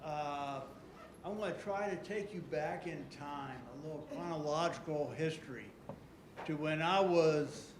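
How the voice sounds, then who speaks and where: A man's voice: fairly high pitch, measured pace, background noise. An older man from Southwest Florida giving a folksy, storytelling conference talk, repeating phrases for emphasis. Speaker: conference speaker.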